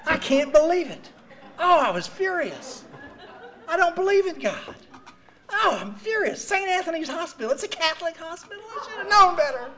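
Animated older man, high lively voice. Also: fairly quick, a faint crowd. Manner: animated, self-mocking, heavy on "you know". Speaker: recovery meeting speaker. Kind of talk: personal testimony talk.

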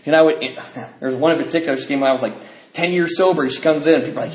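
A man sharing his recovery story with a meeting, lively, acting out what people said and laughing often. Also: fairly high pitch, rapid-fire. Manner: animated, acts out quoted dialogue, laughs often. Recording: echoey room, faint noise.

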